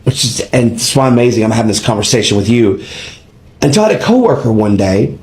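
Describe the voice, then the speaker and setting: A man's voice: mid-range voice, quick pace. A man telling a personal story in conversation, acting out the dialogue he quotes. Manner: animated, acts out quoted dialogue. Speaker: guest telling his story. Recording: roomy echo.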